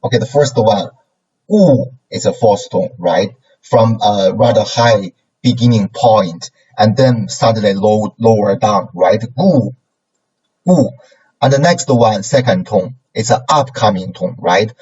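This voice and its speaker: A man's voice: lowish voice, measured pace, a little mellow, slightly rough. A man teaching a language lesson, patiently modelling sounds and checking in with "right?" after each point. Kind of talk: classroom lesson. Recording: dull lo-fi recording.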